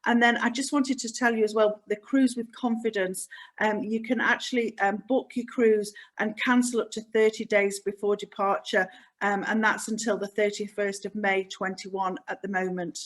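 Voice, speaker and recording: A woman's voice: mid-range voice, fairly even intonation, normal speed, poor audio. A woman giving a friendly cruise sales presentation over a video call, with many "um" fillers. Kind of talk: virtual event sales presentation.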